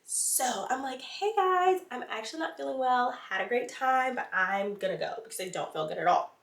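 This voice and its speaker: A woman's voice: a little high, expressive, moderate pace, vocal fry, a bit bright, echoey room, distant mic. A woman vlogger telling a dramatic storytime in casual chat, full of slang and playful asides.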